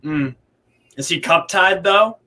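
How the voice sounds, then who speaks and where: A man's voice: high voice, slow pace, pushed and bright. A man in casual chat, eagerly laying out football details. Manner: eager, detailed football talk, restarts words.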